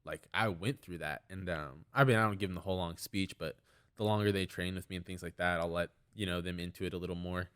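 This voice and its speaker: Low-voiced man telling stories, rambling. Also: level tone, fast talker, fairly bright tone, smooth. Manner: rambling storytelling with many "like" fillers. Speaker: guest, MMA fighter and trainer. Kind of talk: casual podcast conversation.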